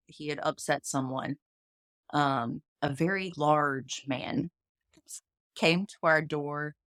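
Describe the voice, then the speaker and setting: A woman's voice: deep voice, no room sound, clean studio sound. A woman, telling folksy family stories as a podcast guest and acting out the people she quotes. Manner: folksy, animated storytelling, acts out quoted voices. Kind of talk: storytelling interview.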